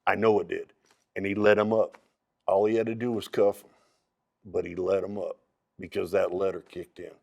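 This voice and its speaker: A man speaking in an interview, blunt and emphatic with deep frustration. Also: level tone, normal speed, gravelly, long pauses, a little mellow, lo-fi sound. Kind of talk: emotional interview.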